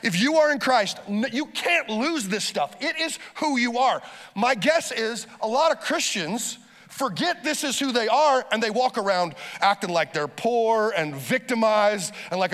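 A pastor delivering a lively sermon, urging the congregation to repeat phrases after him. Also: male voice, extremely high pitch, normal speed, big-room sound.

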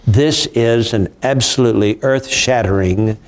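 A man's voice: medium pitch, a little slow. An older man, hosting a conversational Bible study in a folksy, emphatic way. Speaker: Bible prophecy show host.

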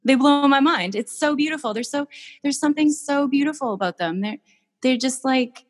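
A woman artist telling stories in a casual interview, gushing and animated. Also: sits high, moderate pace, long reverb tail. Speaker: artist guest.

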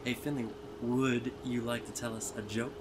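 A man's voice: mid-range voice, little pitch movement, moderate pace, very noisy, close to an everyday voice. A man acting an eager, playful boyfriend character in a horror comedy film. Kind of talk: film dialogue. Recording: roomy film audio under music.

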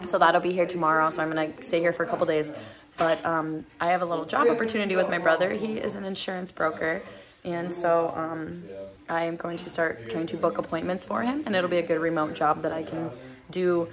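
A woman's voice: lowish voice, fairly even intonation, brisk, crowd noise. A young woman vlogger talking casually to her camera, with lots of ums, out on a hiking trail. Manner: chatty, many ums. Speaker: vanlife vlogger. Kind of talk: casual vlog chat.

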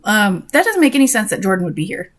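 A woman's voice: medium pitch, big pitch swings, fast. A young woman reading a story aloud and breaking off for sarcastic, exasperated comments on it. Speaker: reader and commentator.

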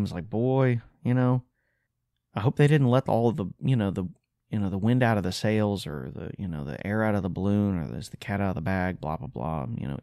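A man's voice: on the low side, darkish tone, dry recording, studio quality. A man hosting a podcast, ranting in an exasperated, sarcastic way in casual solo commentary. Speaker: podcast host.

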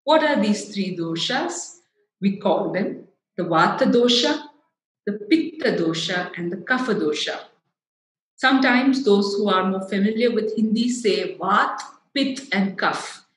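A woman's voice: mid-range voice, lively intonation, a little slow, a little hiss or hum. A woman with a South Indian English accent, giving a public talk in an earnest, explanatory way. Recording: echoey hall.

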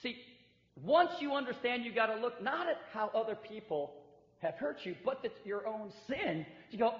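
A man's voice: very high voice, animated, moderate pace. A man preaching a sermon in a large church hall, emphatic, acting out the voices of hurt believers. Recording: echoey hall, dull lo-fi sound.

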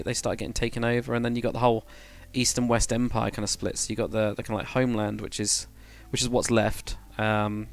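Chatty man streaming. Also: mid-range voice. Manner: rambling, self-correcting, chatty with viewers. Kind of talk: casual live-stream chat while building.

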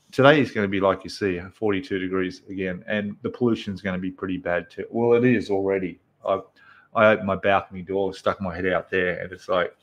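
An Australian man with a fairly low voice hosts a relaxed live-stream chat from indoors. He greets viewers one by one and rambles along, full of "um"s and "mate"s. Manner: chatty, greets viewers by name, many fillers. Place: apartment room indoors.

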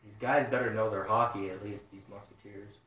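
Give me an excitable, cursing man reacting to a comic, in a roomy room. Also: lowish voice, brisk. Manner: excitable, swears a lot, loud outbursts. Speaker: manga reaction vlogger. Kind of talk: live reading reaction. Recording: roomy sound, mic at a distance.

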